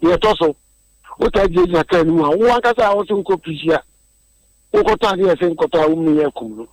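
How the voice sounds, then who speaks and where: Man, slightly higher voice, earnest radio explainer who circles back and repeats words. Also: very animated, fast, dry recording, rough recording. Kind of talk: radio discussion.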